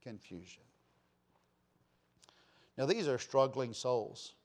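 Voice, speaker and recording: A man preaching a sermon with passion, swinging between loud declarations and soft asides and posing rhetorical questions to his listeners. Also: on the high side, expressive, unhurried.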